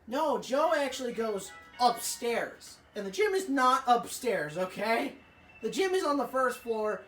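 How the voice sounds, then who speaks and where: Excitable, profane gamer storyteller; animated delivery, roomy sound with light music under. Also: female voice, a little high, a little slow. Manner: swears a lot, rambling, excitable outbursts. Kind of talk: casual let's-play storytelling. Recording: echoey room, faint music.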